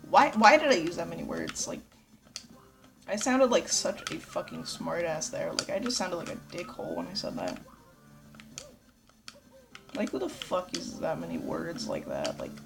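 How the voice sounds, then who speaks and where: Woman ranting n swearing thru a lets play, lowish voice that jumps all over. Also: gravelly. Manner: rambling, swears a lot, animated. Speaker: gameplay commentator. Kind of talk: casual let's play commentary.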